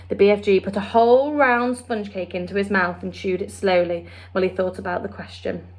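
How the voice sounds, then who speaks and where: A teacher reading a children's storybook aloud in an expressive storytime manner. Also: female voice, medium pitch, a little fast, hardly any pauses. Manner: expressive, warm storytime delivery. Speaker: primary school teacher.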